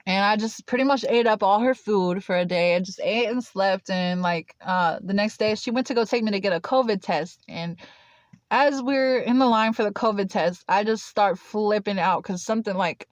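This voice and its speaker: A woman's voice: mid-range voice, normal speed, dry recording, highs cut off. Young woman vlogger, rambling storyteller, "like" in every line, dry close sound. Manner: rambling, filler-heavy with constant "like". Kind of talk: casual personal storytelling.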